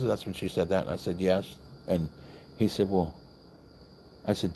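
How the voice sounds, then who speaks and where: A man's voice: sits low, a little fast, warm tone, a little hiss or hum. A man telling a long story on a livestream in a loose, rambling way, acting out the lines of the people in it. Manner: rambling, chatty, acts out other people's lines. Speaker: vlogger. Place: hotel, with crickets outside.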